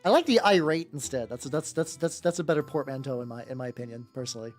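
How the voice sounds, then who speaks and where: Chatty streamer painting minis, cussing and rambling, mid pitch, soft music behind. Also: fast, hardly any pauses. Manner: rambling, profane, chatty with viewers. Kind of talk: casual livestream chat. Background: faint background music.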